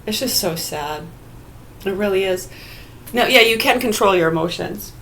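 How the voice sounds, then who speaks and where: A woman's voice: mid-range voice, expressive, moderate pace, gravelly, a bit bright, slight background noise. A woman in a casual ranting monologue, blunt and profane, firing rhetorical questions at imagined listeners. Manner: argumentative, talks to absent listeners.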